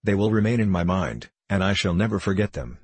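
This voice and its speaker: A man's voice: low-pitched, expressive, brisk, darkish tone, slightly rough, no echo, full character voice. A man reading a dreamy, plaintive old poet. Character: absent-minded older male poet, dreamy. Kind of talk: audiobook character reading.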